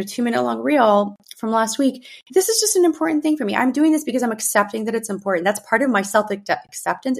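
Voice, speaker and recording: Speaking openly about her family in a personal monologue, a podcast host in her thirties keeps restarting and using fillers. Her voice is mid-range and gravelly.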